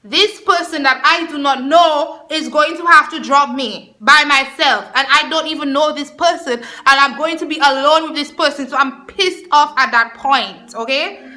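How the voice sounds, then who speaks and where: Bright, animated young woman telling a story. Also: sits high, normal speed. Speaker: vlogger. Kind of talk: storytime vlog, casual chat.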